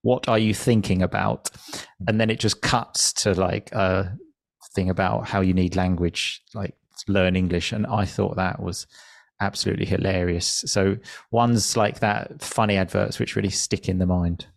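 A man's voice: low voice, normal speed, vocal fry, no room sound, clean studio sound. A man who teaches English, telling a story in an easy, rambling conversational way. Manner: relaxed, anecdotal, with fillers like "like".

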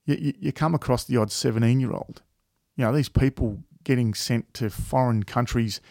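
A man's voice: mid-range voice, normal speed, creaky, darkish tone, dry recording, clean studio sound. A man with an Australian accent, co-hosting a podcast in casual chat, rambling with many fillers and frequent swearing. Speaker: podcast co-host.

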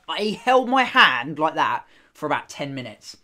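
A man's voice: a little high, fast talker. A young man, telling a rambling, sweary story in casual chat and acting out the people in it. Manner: swearing, animated, acts out the people he quotes.

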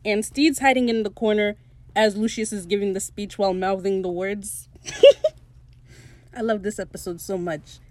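Woman, podcast host, casual chat, animated storytelling, frequent laughs. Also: mid-range voice, unhurried. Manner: animated storytelling, quotes characters in put-on voices, laughs often. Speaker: podcast host recapping a TV episode.

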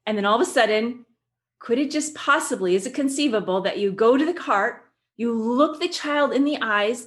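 A woman guest who works with children, explaining her work in an animated way and telling stories. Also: on the high side, normal speed. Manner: animated storyteller, acts out quotes. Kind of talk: conversational explanation with anecdotes.

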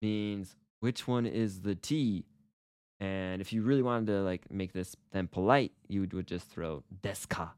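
Low-voiced man teaching casual Japanese. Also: unhurried, a little mellow, clear, resonant tone, no echo, clean studio sound. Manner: upbeat, playful explaining with acted example phrases. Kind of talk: casual language lesson podcast.

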